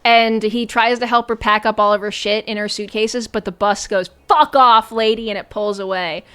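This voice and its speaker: A woman's voice: mid-range voice, flat delivery, normal speed, fairly bright tone, clean tone. A woman streamer giving a casual, sarcastic and profane recap of a film, often breaking into giggles.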